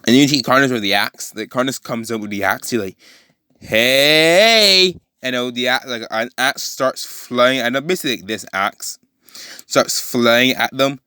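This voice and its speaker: A man tells a fan-made story in a loose, rambling way, stopping and restarting often. His voice sits at an ordinary middle pitch. The sound is dry and close, with no room echo. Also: moderate pace, bright, forceful tone, clear, resonant tone. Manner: rambling, full of fillers and restarts. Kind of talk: casual retelling of a fan story.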